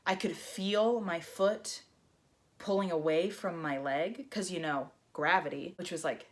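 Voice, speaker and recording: Animated young woman telling a story. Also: fairly low pitch, unhurried. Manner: animated, acts out quoted voices. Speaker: vlogger. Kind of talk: storytime vlog.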